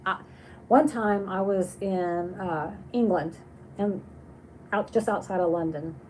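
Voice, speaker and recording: A woman with a medium-pitched, slightly mellow voice takes her time as she hosts a casual livestream, heard in a rough recording with slight background noise. She reads viewer comments aloud and chats on ramblingly, often restarting.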